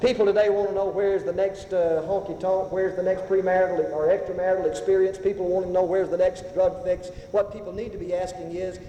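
Preacher guy, high voice, goes big then drops to a hush, long church echo. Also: a little hiss or hum. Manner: fervent preaching, swinging from loud highs to hushed lows. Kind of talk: sermon. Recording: echoey hall, faint ambience.

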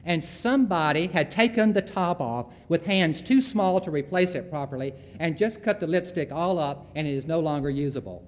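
A Southern man voicing a calm, patient young mother who speaks in a gentle, measured counselor tone. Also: fairly high pitch, long reverb tail, pitched above the performer's own voice, lightly acted. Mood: calm, coaxing.

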